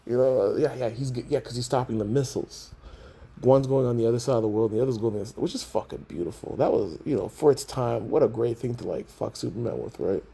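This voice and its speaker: A man hosting a podcast, ranting in a casual, animated way, swearing a lot and acting out characters in mock outrage. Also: mid-range voice, quick pace, vocal fry, husky. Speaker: podcast host. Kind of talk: casual movie rant.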